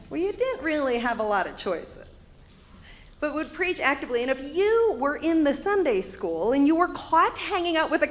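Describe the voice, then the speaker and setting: Wisconsin-accented woman in her 50s, high voice, dry wit, live stage storyteller. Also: fairly bright tone. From Wisconsin, USA. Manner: wry, humorous delivery. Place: arts center stage.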